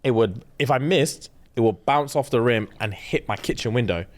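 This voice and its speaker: A young man co-hosting a podcast, telling animated stories with lots of swearing in casual chat. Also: medium pitch, moderate pace, crowd noise. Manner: animated storytelling, swears often. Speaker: podcast co-host.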